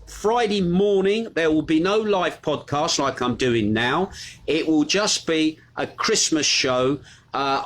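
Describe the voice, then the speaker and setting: A man's voice: on the high side, a bit bright. A middle-aged man hosting a casual live stream, chatting and greeting his viewers by name. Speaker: host of a live news stream.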